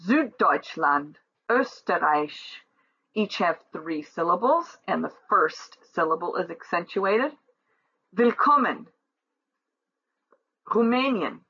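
A woman walks learners through a German textbook exercise, speaking slowly and patiently. Her voice is bright and a little husky. The recording sounds dull and lo-fi. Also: medium pitch. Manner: patient, explains step by step. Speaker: German teacher. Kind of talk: textbook lesson walkthrough.

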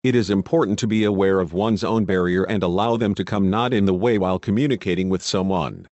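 A man reading a lesson aloud in a steady, measured way. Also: sits low, no echo, dull audio. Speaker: teacher.

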